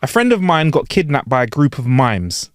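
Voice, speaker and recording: A man's voice: mid-range voice, normal speed, dry recording, studio quality. Playful man telling bad jokes. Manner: playful, deadpan joke delivery. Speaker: podcast co-host. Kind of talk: casual chat, telling jokes.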